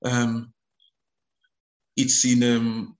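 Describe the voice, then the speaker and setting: A man preaches a sermon in a monotone, mid-range voice in an echoey room. He repeats words, restarts phrases and calls out hallelujah, reading scripture aloud slowly and weightily.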